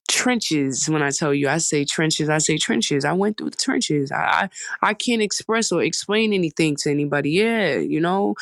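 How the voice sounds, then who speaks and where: A woman's voice: sits low, gravelly, dry recording. A woman in her twenties hosting a podcast, talking in a heartfelt, rambling way with emphatic repetition. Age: 20s. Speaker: podcast host. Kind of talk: casual storytime monologue.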